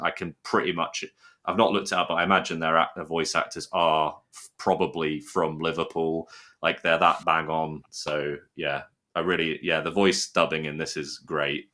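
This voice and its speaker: A man's voice: very deep voice, bright, forceful tone. A man from the United Kingdom with a British accent, chatting enthusiastically as a podcast guest, rambling a little with restarts. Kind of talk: casual podcast chat.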